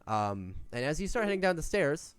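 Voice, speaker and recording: Man game master, casual, hesitant delivery, pitch moves a lot. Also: sing-song, normal speed, clean tone, dry recording. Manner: casual, hesitant, many fillers. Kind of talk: narrating a tabletop game.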